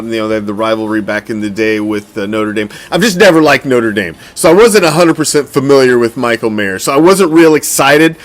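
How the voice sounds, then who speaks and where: A middle-aged man hosting a fan sports podcast, ranting heatedly and swearing constantly. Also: mid-range voice. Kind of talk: profane sports rant.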